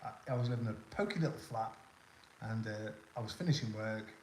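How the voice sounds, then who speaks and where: A man's voice: lowish voice, brisk, darkish tone, slight background noise. A middle-aged man hosting a casual live stream, rambling chattily and answering viewer comments as he goes. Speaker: livestream host. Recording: roomy echo, faint background ambience.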